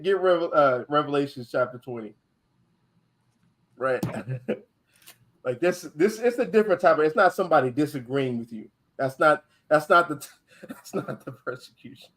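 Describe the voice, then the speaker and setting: Excitable, laughing man reacting to a clip. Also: a little high, unhurried, pauses often. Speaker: host. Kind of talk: casual chat reacting to a video.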